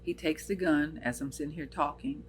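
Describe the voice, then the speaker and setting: A woman's voice: low voice, normal speed, a little hiss or hum. An American woman hosting her own channel, telling a personal story in an earnest, emotional way and quoting what people said. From United States. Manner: earnest, emotional, retells scenes with quoted dialogue. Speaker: channel host.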